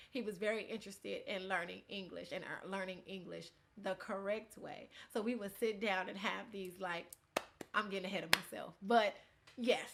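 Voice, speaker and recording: A woman in her thirties telling an animated story, laughing often and swinging from quiet asides to loud outbursts. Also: medium pitch, background noise. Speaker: interviewee.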